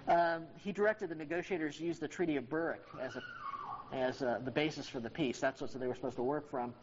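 A teacher lecturing on history in a classroom, loose and conversational, full of ums and uhs, now and then speaking to a student by name. The voice sits at a middling pitch. The recording is dull and lo-fi, with a faint hiss behind it. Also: fairly even intonation, fast.

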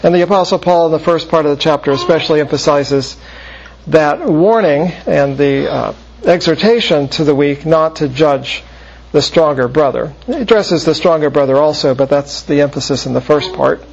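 A man preaching in a measured, explanatory way, often pausing mid-phrase as he works through a Bible passage. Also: on the high side, creaky, slight background noise. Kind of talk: expository Bible teaching. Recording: muffled lo-fi recording.

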